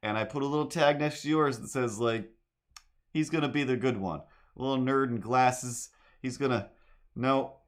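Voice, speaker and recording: At home in his apartment, a man streams while drawing, chatting casually and rambling from topic to topic, singing snatches here and there and talking to his cat. His voice is mid-range, at normal speed.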